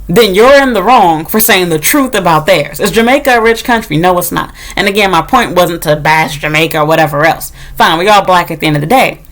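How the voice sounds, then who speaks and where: A woman's voice: lowish voice, brisk, hardly any pauses, a bit bright. A woman from the United States ranting in a casual vlog, blunt and sarcastic, swearing often and mimicking others. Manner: blunt, profane and sarcastic, mocking others in put-on voices. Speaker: vlogger. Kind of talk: casual storytime rant.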